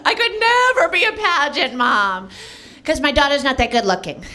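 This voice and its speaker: A woman comedian doing a stand-up set with a deadpan, self-mocking delivery on a club stage. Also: high voice, moderate pace, background noise.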